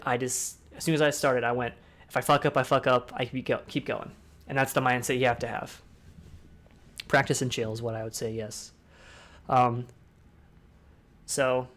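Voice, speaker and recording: A young man hosting a casual online talk, speaking fast and rambling, swearing freely. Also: medium pitch. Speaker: discord talk host. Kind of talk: casual chat.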